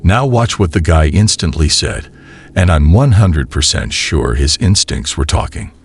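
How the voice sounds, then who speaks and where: Deep-voiced man, husky, wry commentary narrator. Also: animated, measured pace. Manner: wry, moralizing asides. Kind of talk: reaction commentary.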